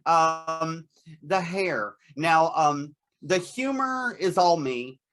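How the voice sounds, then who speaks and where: A candid, chatty man talks through an interview about his horror hosting show, breaking into laughter often. His voice sits a little high for a man and carries easy good humor. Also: expressive, drawn-out words, a bit bright. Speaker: guest, horror host performer. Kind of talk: casual interview.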